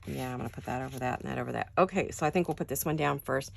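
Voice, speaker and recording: An older woman with a raspy early-morning voice chats quietly and casually to her viewers while she works on a craft project in her home studio. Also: rumbling low, very fast. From California. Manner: quiet, chatty, addresses viewers directly. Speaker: crafting channel host.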